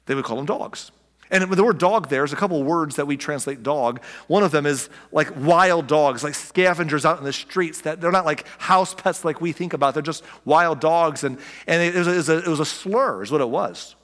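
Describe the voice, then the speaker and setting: A man's voice: fairly high pitch, a bit bright. Preaching man, voice ringing through a hall. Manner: conversational preaching with rhetorical questions and direct address. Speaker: pastor. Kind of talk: sermon.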